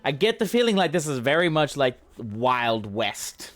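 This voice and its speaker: A man's voice: medium pitch, big pitch swings, moderate pace, a bit bright. A man streaming a game, reading its dialogue aloud and adding chatty, joking asides over game music. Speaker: gaming streamer. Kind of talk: gameplay commentary.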